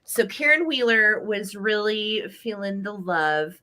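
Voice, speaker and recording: Bright-voiced woman showing vintage items. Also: medium pitch, lively intonation, takes it slowly. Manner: chatty, enthusiastic, describes items warmly. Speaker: live sale co-host. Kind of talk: live sale product chat.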